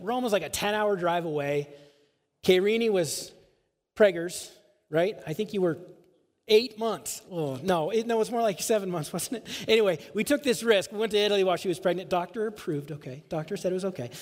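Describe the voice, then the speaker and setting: A man's voice: high voice, brisk. A male pastor telling a personal story in a sermon, casual and rambling, full of filler phrases. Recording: long hall reverb.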